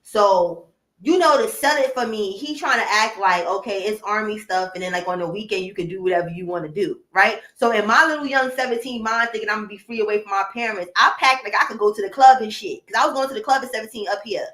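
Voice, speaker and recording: A woman in casual live-stream chat, telling stories loudly and with lots of life, swearing freely. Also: medium pitch, fast, echoey room, poor audio. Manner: loud animated storytelling, swears freely.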